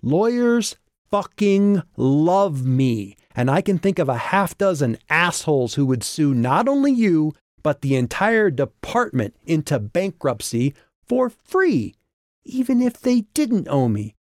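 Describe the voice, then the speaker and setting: A man's voice: a little high, sing-song, unhurried, a little mellow, no room sound, clean studio sound, voice pushed up. Man voicing Calliope, a defiant young woman. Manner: biting, sarcastic threats. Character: sharp-tongued young woman, defiant bounty hunter.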